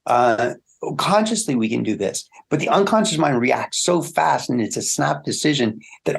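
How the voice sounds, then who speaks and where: A man in an interview talks through relationship advice with a gravelly, faintly husky voice. He tells stories with animation and lifts his voice to act out what people think. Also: moderate pace, few pauses. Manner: animated storyteller, acts out quoted thoughts in a higher voice. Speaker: relationship coach guest. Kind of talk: conversational interview.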